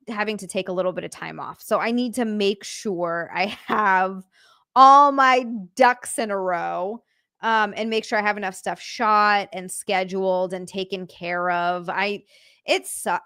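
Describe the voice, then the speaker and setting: A woman talks through a casual livestream, her voice bright and forceful. She rambles in halting starts and swears freely as she reads chat. The sound is dry and close, with no room around it. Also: medium pitch, no echo.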